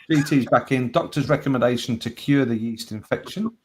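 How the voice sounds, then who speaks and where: Live-show host, man, reads each caption aloud and chuckles along, mid-pitched. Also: normal speed, husky. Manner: laughs often between readings.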